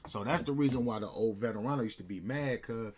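A man's voice: mid-range voice, fast talker, a little mellow, a little hiss or hum. A man telling a story in a casual, rambling way, full of street slang.

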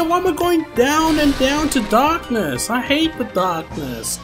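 A jumpy young man commentating his gameplay in a slow, drawn-out way, his pitch leaping wildly between low groans and high yelps. Loud game music plays behind him. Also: big pitch swings. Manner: jumpy, yelps and exclaims at scares. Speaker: gamer playing a horror-heavy action game.

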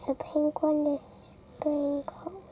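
A young girl hosting a casual slime vlog, chatty and unhurried, often dropping to a soft near-whisper. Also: sits high, steady tone, rough recording. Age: child. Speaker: young slime channel host. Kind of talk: casual toy vlog chat. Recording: faint background noise.

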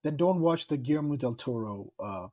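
A man's voice: medium pitch, lively intonation, normal speed, darkish tone. A young man in his twenties, a podcast guest chatting casually and a bit hesitantly. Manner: hesitant, laughs along. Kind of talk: casual chat.

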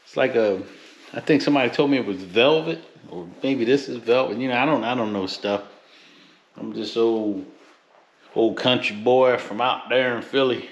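A man's voice: medium pitch, normal speed. A man from the Philly–New York area talks through a sneaker unboxing in loose, slangy, joking asides. The room is echoey and the sound a bit muffled. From Philadelphia–New York area. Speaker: sneaker reviewer. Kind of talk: casual unboxing vlog.

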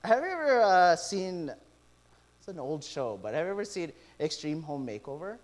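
A middle-aged man preaching from the pulpit in a fairly high voice. He tells stories with animated asides, acting out what people said. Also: moderate pace. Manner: animated storytelling with quoted asides. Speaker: pastor. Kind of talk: sermon.

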